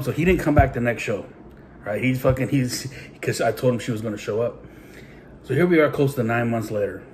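Casual male storyteller, mid pitch, profane and laughing, faint background hum. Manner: profane, laughing, acts out quotes. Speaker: wrestling trainer and podcast host.

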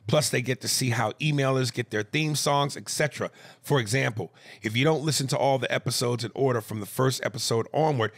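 Animated man reading fan email. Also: dry recording, clean studio sound. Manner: animated, swings into loud high-pitched bits and laughs. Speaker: podcast co-host. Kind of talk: casual podcast chat, reading fan email aloud.

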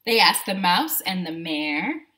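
A woman teacher reading a picture book aloud to her class from home, animated and talking to the children as friends. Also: on the low side, unhurried.

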